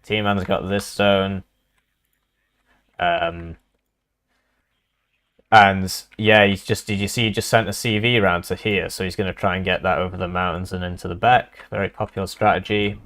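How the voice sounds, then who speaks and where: A man's voice: sits low, flat delivery, normal speed, fairly bright tone. A young man casting a live strategy game match, casual and rambling with lots of fillers. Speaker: caster.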